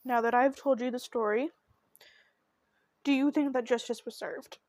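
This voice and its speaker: A woman's voice: on the high side, fairly even intonation, moderate pace, darkish tone, no echo. A woman hosting a true crime podcast, narrating a case in an earnest, emotional and heartfelt way. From Oklahoma.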